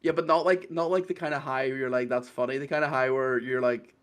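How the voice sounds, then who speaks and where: A man's voice: mid-range voice, steady tone, a little fast, a bit bright. A man with a Northern Irish accent telling a rambling story in casual podcast chat, laughing often. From Northern Ireland.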